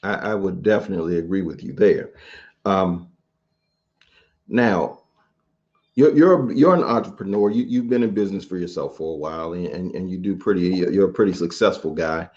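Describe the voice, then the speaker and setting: A man hosting an interview, asking questions slowly with frequent restarts and repeated words. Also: sits low, darkish tone, lo-fi sound. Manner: halting, repeats words when starting. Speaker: podcast host.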